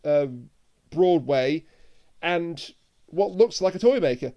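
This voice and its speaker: A man co-hosting a podcast, chatting casually and adding wry, quick asides. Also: a little high, lively intonation, dark tone, lo-fi sound. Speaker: podcast co-host. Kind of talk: casual chat.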